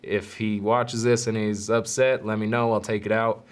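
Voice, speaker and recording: On his solo storytelling podcast, a man with a fairly low, little-varying voice shares childhood stories at a moderate pace. He is candid, rambling, and self-deprecating.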